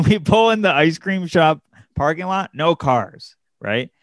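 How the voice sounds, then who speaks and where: A young man spinning a comedy tale on a podcast, lively and scattered, leaping up in pitch whenever he acts out someone else. His voice is smooth and clean, set close and dry with no room sound. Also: slow, dry recording. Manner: animated, jumps up in pitch to act out quoted people, many fillers and restarts. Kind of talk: casual podcast storytelling.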